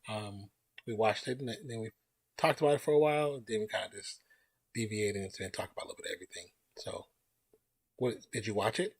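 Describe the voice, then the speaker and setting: A man's voice: lowish voice, quick pace, vocal fry, husky, dry recording. A man hosting a live stream, chatting loosely and greeting viewers as they join. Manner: relaxed, rambling, greets chat viewers by name. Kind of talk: casual live stream chat.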